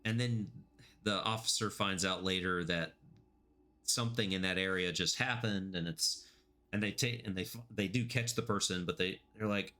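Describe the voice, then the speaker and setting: A man's voice: low-pitched, steady tone, moderate pace, sharp tone. A man chatting casually while streaming a game, rambling and laughing often. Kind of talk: casual gameplay commentary.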